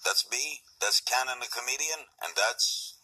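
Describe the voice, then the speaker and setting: A man's voice: mid-range voice, lively intonation, measured pace, pushed and bright, husky, rough recording. A man guesting on a talk show, joking playfully and chuckling in mock-serious banter.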